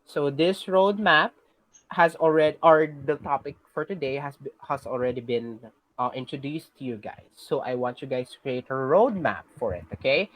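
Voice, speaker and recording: A teacher with a Filipino accent giving a class lesson, patiently checking in with students and pausing on fillers. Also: mid-range voice, dry recording, rough recording. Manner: patient, checks in with "okay?" often; hesitant, many fillers and restarts.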